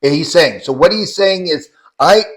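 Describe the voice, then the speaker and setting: A man with a slightly raised pitch leads a casual Bible study. He talks through scripture step by step, pointing out Greek words as he explains them to a small group. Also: lively intonation, moderate pace, rough recording.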